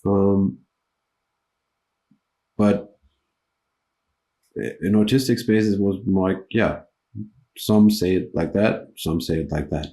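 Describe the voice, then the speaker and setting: Low, mellow-voiced man interviewing. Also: steady tone, takes it slowly, long pauses. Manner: hesitant, with many restarts and ums. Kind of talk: conversational interview.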